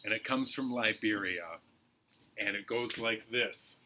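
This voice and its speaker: A man telling a folktale to children at a library storytime in a playful, expressive way. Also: on the low side, a little slow, slight background noise.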